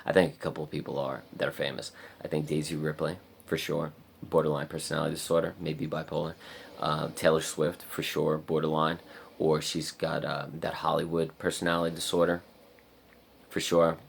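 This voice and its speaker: A man with a very deep, gravelly voice rambles through a casual vlog story. He fills his talk with "like" and swears freely, with a faint hiss of noise behind him. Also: level tone, a little fast. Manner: rambling, heavy use of "like" and swearing. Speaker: vlogger.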